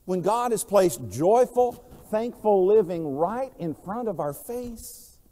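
A man preaching a sermon, telling stories and swinging between quiet, low passages and loud, emphatic lines. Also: animated, slow, long reverb tail. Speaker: pastor.

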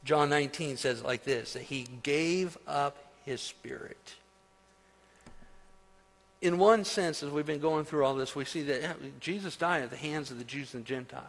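A man preaching a sermon, building to loud, emphatic peaks and then dropping to soft, slow phrases. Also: on the high side. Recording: long hall reverb.

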